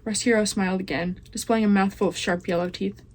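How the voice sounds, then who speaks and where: A woman's voice: medium pitch, steady tone, brisk. A teenage girl, a student, reading chapters of a children's novel aloud. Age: teens. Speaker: student reader.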